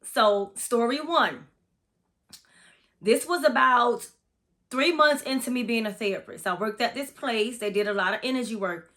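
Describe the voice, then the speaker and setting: Bright-voiced woman telling a spooky story. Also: on the high side, measured pace. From Florida. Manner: chatty, profane, dramatic storytelling. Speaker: massage therapist. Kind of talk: casual storytime vlog.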